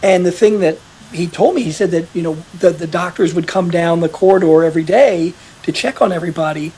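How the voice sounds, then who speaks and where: A man telling a veteran's story in a casual podcast conversation, animated and quick to quote others. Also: on the high side, husky. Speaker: author interviewed about his article.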